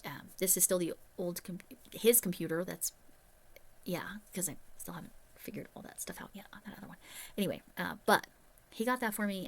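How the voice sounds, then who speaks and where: A middle-aged woman chats straight to her viewers in a casual vlog, candid and conversational. Her voice sits low, with a gravelly, creaky texture. She talks the way a retired teacher talks to friends. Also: lively intonation, normal speed, a bit bright. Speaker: retired teacher turned crochet YouTuber. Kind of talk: casual vlog chat to camera.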